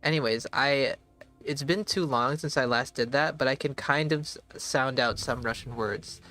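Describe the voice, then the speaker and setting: A man streaming a game live, thinking aloud in a slow, halting way and sometimes spelling words out letter by letter. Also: mid-range voice, pushed and bright, soft background music. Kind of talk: casual live gameplay commentary.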